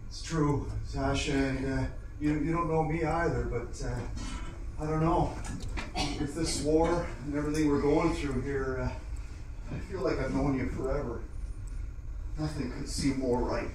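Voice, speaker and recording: A man's voice: medium pitch, steady tone, unhurried, close to an everyday voice. A man acting a nervous young male soldier who rambles and restarts, in an amateur drama. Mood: earnest. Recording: echoey, distant, noisy.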